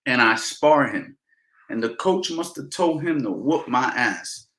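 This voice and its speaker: A middle-aged man, a boxing coach, telling stories in a casual Q&A, animated and slangy, repeating phrases for emphasis. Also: mid-range voice, measured pace. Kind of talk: casual Q&A storytelling. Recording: roomy echo.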